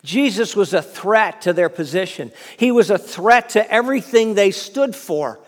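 A male preacher delivers a sermon as lively storytelling, stumbling over and repeating words as he goes. His voice sits high for a man. Long reverb from a big hall hangs behind every phrase. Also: normal speed. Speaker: preacher, fundraising minister.

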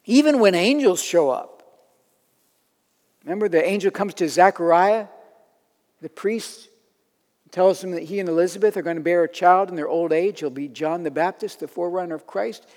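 A man preaching a sermon in an earnest way, building to loud emphatic peaks. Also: high voice, normal speed, long pauses, big-room sound.

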